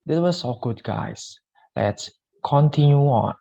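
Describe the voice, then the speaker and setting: A young man, a student, leading a pronunciation drill with slow, deliberate repeat-after-me delivery. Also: mid-range voice, expressive, creaky, warm tone, highs cut off. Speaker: student giving a pronunciation lesson.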